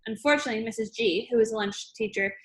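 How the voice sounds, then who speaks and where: A woman's voice: on the high side, fast. Woman reading a novel aloud. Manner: plain, steady reading with small restarts. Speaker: audiobook reader.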